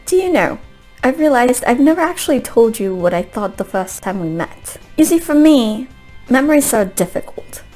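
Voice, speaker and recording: A woman voicing a young, grieving British prince in a put-on British accent, reading a tender, poetic love letter slowly and wistfully. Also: a little high, sing-song, darkish tone, soft background music, voice pushed up, low-quality recording.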